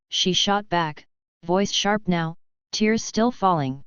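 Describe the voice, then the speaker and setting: A woman's voice: fairly low pitch, slow pace, smooth, no room sound. A woman narrating a fan fiction story in a dramatic storytelling manner, on a dull lo-fi recording. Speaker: story reader.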